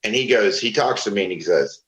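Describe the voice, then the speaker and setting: Lowish guy rambling and cussing thru old wrestling stories, echoey room. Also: a little fast. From Florida, USA. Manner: profane, rambling, animated retelling of old stories. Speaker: retired pro wrestler, guest. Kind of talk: casual storytelling interview.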